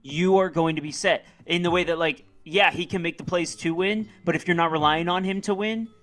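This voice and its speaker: Bright-voiced man thinking aloud. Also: fairly high pitch, fairly even intonation, a little fast, faint music behind. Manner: hesitant, thinking aloud with fillers. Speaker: podcast co-host. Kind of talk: casual sports chat.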